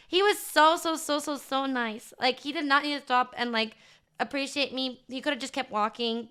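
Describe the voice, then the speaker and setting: A woman's voice: sits high, pushed and bright, clear, resonant tone. A woman streamer chatting casually to her viewers, gushing and rambling with lots of filler words. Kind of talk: casual livestream chat recap.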